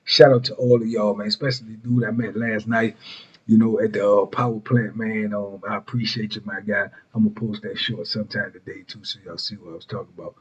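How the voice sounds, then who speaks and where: A middle-aged man, the show's host, tells prison stories in a brisk, level tone, using relaxed street slang and rambling side comments. His voice is fairly low and slightly rough, heard through a muffled lo-fi recording.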